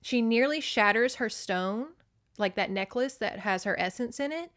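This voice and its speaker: A woman's voice: fairly high pitch, animated, moderate pace, a bit bright. Chatty, profane woman recapping a book. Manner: chatty and profane, with lots of "like" fillers. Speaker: podcast host.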